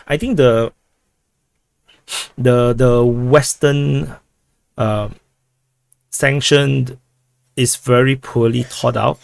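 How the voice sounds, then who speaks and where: A man with a Singaporean English accent hosting a casual livestream, answering viewer questions in a halting way full of repeated words and "uh" restarts. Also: medium pitch, steady tone, gravelly, no room sound.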